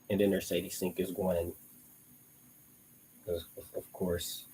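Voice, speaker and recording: A man's voice: deep voice, little pitch movement, takes it slowly, background noise. A young man hosting a live online show, chatting casually in a rambling way with frequent restarts and laughs. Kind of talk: casual live-stream chat.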